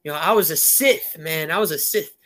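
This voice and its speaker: A man's voice: fairly high pitch, brisk, fairly bright tone. A man telling a rambling story in a casual chat, heavy on fillers.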